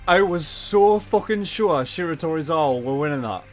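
A man hosting an anime reaction, swearing freely and shouting with disbelief. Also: on the high side, expressive, normal speed, soft background music. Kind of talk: reaction commentary.

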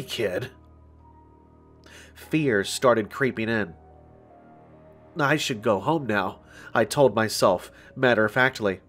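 Slow-reading male horror storyteller. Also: mid-range voice, fairly bright tone. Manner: slow, deliberate first-person storytelling. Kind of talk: scripted horror story narration. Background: faint music.

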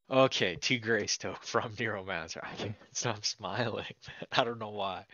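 A man hosting a let's play, chatting to viewers in a chatty, excitable way as he plays an old computer game. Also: fairly low pitch, moderate pace, hardly any pauses, no echo, highs cut off. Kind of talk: casual game commentary.

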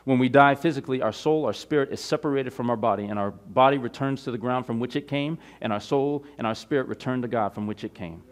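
A male pastor preaching a sermon, opening with a quiet prayer and then building to emphatic, drawn-out declarations. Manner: preaching with rising emphasis, stretching key words; opens in a quiet, low prayer.

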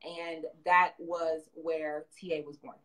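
A young adult woman from the South, telling her story as a guest in a casual interview, animated and quick to laugh. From American South. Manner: animated storyteller, acts out quotes with big jumps up in pitch, frequent laughs. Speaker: guest, fashion designer and brand owner.

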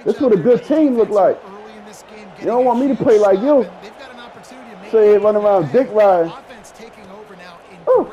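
A man streaming a football video game, trash-talking loudly and boastfully with plenty of profanity. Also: high voice, animated, measured pace, pauses often, dull audio. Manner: boastful, profane, loud, laughs a lot. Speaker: gaming streamer. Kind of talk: loud trash-talking gameplay commentary.

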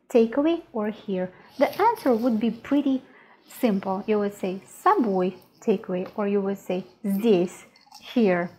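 Slow, patient Russian-accented woman teacher. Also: medium pitch, dark tone, low-quality recording. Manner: patient, repeats words slowly. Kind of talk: language lesson.

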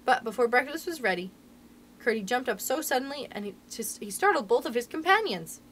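Lively, sing-song woman reading a storybook. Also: fairly high pitch, fairly quick, slight background noise. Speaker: librarian reading aloud. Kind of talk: children's storybook read-aloud.

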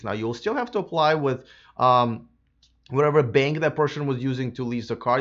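A man hosting a live stream, chatting casually with lots of fillers and restarts, his voice a bit hoarse from a sore throat. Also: medium pitch, a bit bright, lo-fi sound. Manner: rambling, many fillers and restarts. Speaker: livestream host.

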